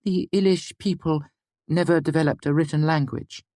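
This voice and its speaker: A man's voice: on the high side, fairly even intonation, moderate pace, darkish tone, no echo, studio quality, voice pushed up, lightly acted. A man voicing a terse, defensive young woman student in an audiobook. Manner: terse, muttering.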